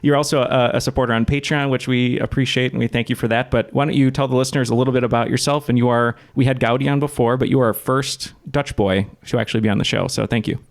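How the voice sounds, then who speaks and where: A man hosts a laid-back trivia podcast, his voice sitting at an ordinary middle pitch. He rambles, trips over restarts and fills gaps with "uh" and "um" as he chats with friends. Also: steady tone, fast talker, gravelly, few pauses. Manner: rambling, lots of fillers and restarts. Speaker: podcast host. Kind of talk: casual chat.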